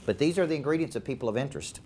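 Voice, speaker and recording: A man's voice: mid-range voice, expressive, rapid-fire, darkish tone, slight background noise. A man with a Southern accent from Tennessee, speaking as a sales coach to a sales team, emphatic and fond of rhetorical questions. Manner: emphatic, repeats words, asks rhetorical questions.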